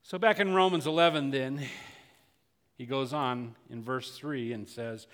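A man's voice: mid-range voice, a little slow, fairly bright tone. A man preaching a sermon as pastor, building intensity with many repeated words. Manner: preaching with rising intensity and frequent repetitions. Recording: long hall reverb.

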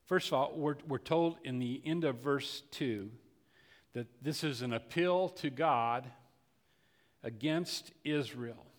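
A man's voice: mid-range voice, takes it slowly. A man preaching a sermon as pastor, building intensity with many repeated words. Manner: preaching with rising intensity and frequent repetitions. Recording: long hall reverb.

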